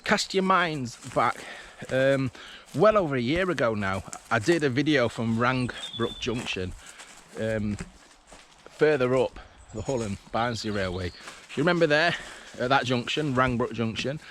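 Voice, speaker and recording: A man vlogs as he walks an old railway line outdoors, his mid-range voice animated, fairly bright, and a little slow. He chats and thinks aloud casually, restarting as he goes. This walking commentary has faint outdoor background noise.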